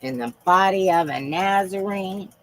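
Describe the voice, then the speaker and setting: A woman's voice: medium pitch, a little slow, poor audio. A woman hosting a live stream, talking in a rambling, profane and fervent way. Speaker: livestream host.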